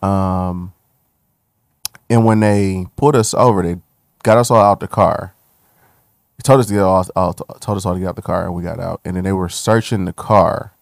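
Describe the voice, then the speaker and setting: A man's voice: deep voice, vocal fry, no echo, studio quality. A young man telling a personal story in candid, profane, casual conversation on a podcast. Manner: loose, profane, animated when retelling anger. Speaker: guest.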